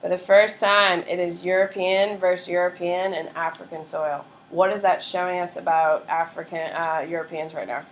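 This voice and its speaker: Woman teacher mid-lecture, lively and checking in a lot, recorded from a distant camera in an echoey classroom. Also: on the low side, normal speed, hardly any pauses, slight background noise. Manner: lively, checks in with students often. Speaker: history teacher. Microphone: far camera.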